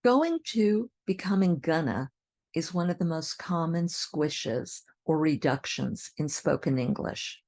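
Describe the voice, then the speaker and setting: Slow, careful woman teaching English. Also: deep voice, expressive, darkish tone, no echo, studio quality. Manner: clear, deliberate modeling of example sentences.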